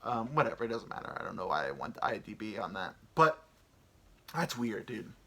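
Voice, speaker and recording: A man in his thirties talks on his own in a loose, meandering way and swears freely. He is short on sleep. His voice is bright and a little tense, and his pitch jumps around with lively swings. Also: normal speed. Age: 30s. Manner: meandering, swears casually, muses aloud. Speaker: podcast host. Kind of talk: rambling solo chat.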